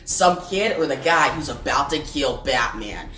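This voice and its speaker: A woman's voice: extremely low pitch, expressive, unhurried, a bit bright, pitched below the performer's own voice, exaggerated voice. A woman reading the lines of a scheming female villain clown in her own voice, in an echoey room with faint music.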